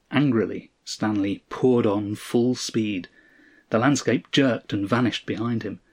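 A man narrating a story in a measured, dramatic reading style. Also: medium pitch, darkish tone, husky.

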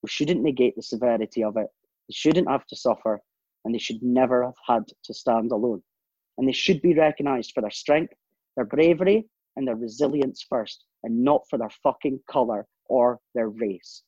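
A man's voice: mid-range voice, moderate pace, mellow, breathy edge, no echo, highs cut off. A man giving an earnest, emphatic personal monologue as host, with profanity and stumbles.

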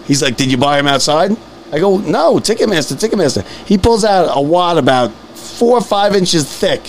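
A man's voice: fairly high pitch, moderate pace, a little hiss or hum. A man, hosting a casual sports podcast and telling long stories, repeating words and acting out the people in them. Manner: animated storyteller, repeats words, acts out quoted voices. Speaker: podcast host. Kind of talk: casual storytelling chat.

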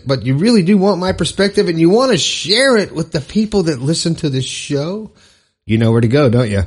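A man hosting his own motivational podcast alone, talking casually and upbeat with frequent fillers and asides. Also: on the high side. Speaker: podcast host. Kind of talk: solo motivational podcast monologue.

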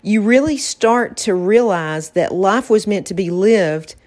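A woman's voice: medium pitch, lively intonation, a little slow, a little mellow. Reflective woman podcast host. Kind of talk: casual podcast talk.

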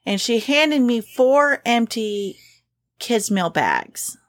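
A young adult woman from Louisiana, telling stories in an animated, chatty way with casual swearing. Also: a little high, takes it slowly. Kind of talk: casual chat.

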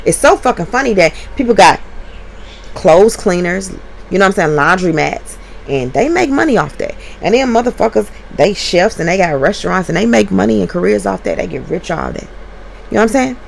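A woman, a stay-at-home mother hosting her podcast from home in a blunt, profane, emphatic monologue that jumps up in pitch when she gets heated. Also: big pitch swings, fairly quick, creaky, a little hiss or hum. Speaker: podcast host. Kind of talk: candid monologue. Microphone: podcast mic.

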